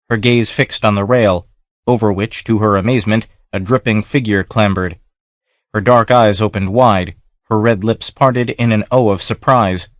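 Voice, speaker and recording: A man reading an adventure story aloud in a measured, even narration. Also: on the low side, dry recording, studio quality. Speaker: audiobook narrator. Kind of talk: scripted narration.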